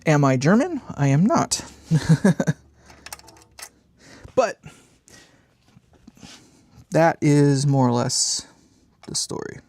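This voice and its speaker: A man's voice: fairly high pitch, sing-song, takes it slowly, pauses often, a little mellow. A man hosting a live amp build stream, talking casually and muttering and swearing at small parts as he works.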